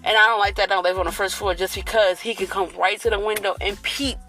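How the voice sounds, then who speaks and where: A woman in her late thirties telling a storytime rant to her viewers, blunt, profane and animated. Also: medium pitch, fast, faint music behind. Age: late 30s. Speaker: vlogger.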